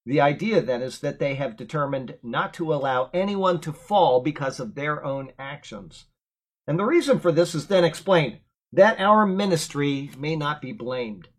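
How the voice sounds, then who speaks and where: A man teaching a Bible lesson, explaining words verse by verse and drifting into relaxed, chatty tangents. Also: a little high, moderate pace, low-quality recording. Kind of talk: verse-by-verse Bible commentary with casual asides.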